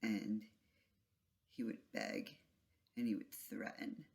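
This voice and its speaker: A vlogger retells a story softly and haltingly, with emotion, trailing phrases, and whispered asides, in a casual spoken vlog. The voice is medium-pitched and creaky.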